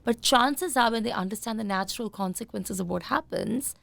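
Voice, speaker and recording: Woman coaching in a gravelly voice. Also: a little high, fairly quick. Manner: calm, coaching tone, acts out parents' voices. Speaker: conscious parenting coach, guest. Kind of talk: podcast interview.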